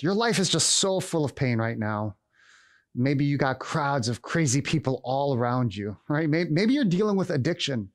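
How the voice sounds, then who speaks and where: A middle-aged man preaches a Christmas Eve sermon in a storytelling way. His voice sits somewhat high for a man. Now and then he acts out the characters in his stories. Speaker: pastor.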